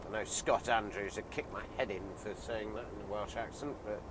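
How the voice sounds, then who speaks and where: Speaking slightly fast in a lowish voice over a noisy background, a lorry driver chats in a loose vlog while suffering from a cold, saying um often. The clip moves from his cab as he drives to an outdoor hilltop.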